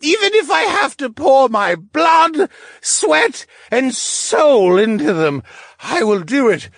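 A lovesick young scientist gushes in a shrill, loud voice that swings wildly. He is giddy and dramatic and sometimes almost shouting, recorded dry. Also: big pitch swings, slow, vocal fry, no echo, exaggerated voice. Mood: gushing.

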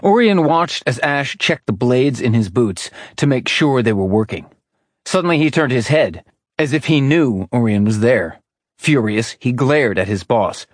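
A man narrating an audiobook in measured, even storytelling. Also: mid-range voice, no echo, studio quality. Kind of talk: scripted narration.

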